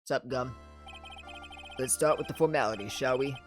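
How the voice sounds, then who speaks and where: A player voicing a cool, sardonic male prosecutor in a game, speaking low and mocking. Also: moderate pace, music in the background, natural voice. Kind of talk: reading game dialogue aloud.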